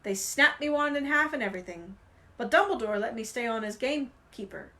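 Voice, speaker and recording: A woman voicing a gruff, loud giant of a man with a booming, rough manner. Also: animated, fairly quick. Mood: rueful.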